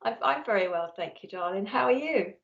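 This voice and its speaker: A woman's voice: medium pitch, lively intonation, fairly quick, creaky. A woman psychic medium giving a live reading to a viewer, chatty and affectionate, often restarting her sentences. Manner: chatty, warm, frequent restarts. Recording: dull lo-fi stream audio.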